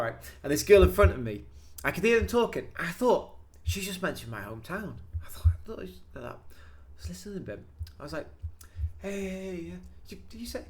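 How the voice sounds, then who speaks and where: Young guy, high voice that jumps all over, chatty podcast host, keeps saying mate. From North Wales. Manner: animated storyteller, says "mate" and "man" often. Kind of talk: casual chat.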